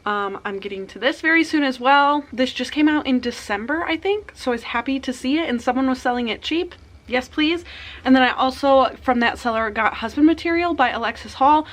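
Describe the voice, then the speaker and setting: A young woman chatting casually about her month of reading, upbeat and quick, with a slightly tired morning voice. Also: high voice. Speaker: book vlogger. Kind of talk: casual chat.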